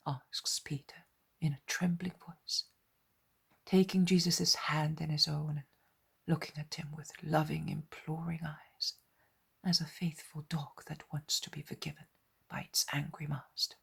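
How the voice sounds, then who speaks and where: A woman reader narrating a devotional audiobook in a soft, measured unvoiced whisper. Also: sits low, little pitch movement, creaky, slightly rough.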